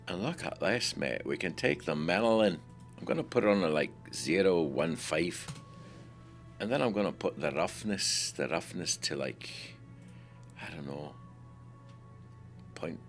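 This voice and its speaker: A man giving a casual screen-recorded software tutorial, excitable and talking to himself with playful swearing. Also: low-pitched.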